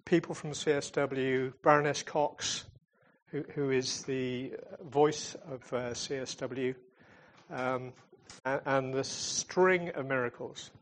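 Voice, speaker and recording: A man's voice: medium pitch, fairly even intonation, slow pace. A man who represents a charity in churches, giving an informal, chatty talk that ends in a prayer. He tells stories with hesitations and restarts and calls himself a fun-loving comedian type.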